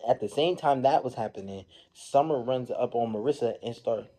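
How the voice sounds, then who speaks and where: A man casually recapping a reality show episode, telling it in an animated, slangy way and acting out the people he quotes. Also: mid-range voice, moderate pace.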